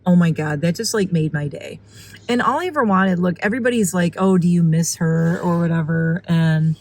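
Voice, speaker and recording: A woman vlogging casually while filming birds from her car and yard, chatty and excitable, sometimes out of breath. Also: normal speed, rough recording. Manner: excited and chatty, breaks into high squeals when calling her turkey. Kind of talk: casual vlog narration. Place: in a car and outdoors in a windy yard.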